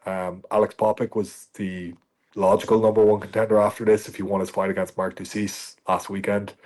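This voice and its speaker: An Irish man in his thirties with a husky voice that sits low. He talks bluntly and emphatically, swearing freely as he answers interview questions. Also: little pitch movement, fairly quick, a little mellow. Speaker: fighter guest. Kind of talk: podcast interview.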